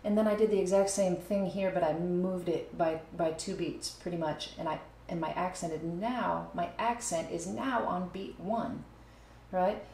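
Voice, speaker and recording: A woman's voice: on the low side, steady tone, measured pace, mellow. A woman giving a casual music lesson on video, talking through her playing and now and then counting beats and scatting short phrases aloud. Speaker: music teacher. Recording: echoey room with faint noise.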